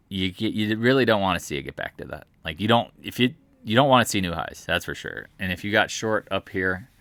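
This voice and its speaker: A man's voice: on the low side, pushed and bright, dry recording. A man giving a casual, rambling, jokey commentary while reviewing stock charts at home. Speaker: market commentator.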